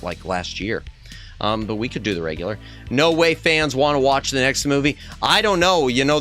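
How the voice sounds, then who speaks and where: Lively bright-voiced male streamer, rambling. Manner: rambling, self-correcting, jumps to high squeaky exclamations. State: strained throat. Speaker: VTuber streamer. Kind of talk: casual live-stream chat with viewers. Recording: faint music behind the voice.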